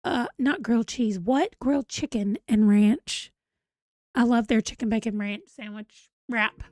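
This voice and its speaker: A woman's voice: fairly high pitch, a little slow, darkish tone, dry recording, clean studio sound. A woman, chatting casually on a livestream, rambling and reading out viewer comments while a bit tired and yawning. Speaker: livestream host.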